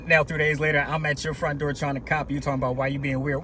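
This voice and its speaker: A man co-hosting a podcast in casual chat, telling stories in animated, profane slang. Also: medium pitch, fast. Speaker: podcast co-host. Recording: noisy background.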